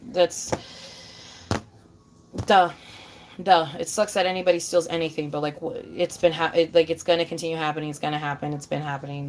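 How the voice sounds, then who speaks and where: A woman's voice: low-pitched, fairly even intonation, fairly quick, pauses often, slight background noise. A woman ranting casually to her camera, swearing often, repeating herself for emphasis and calling the listener babe. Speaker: vlogger.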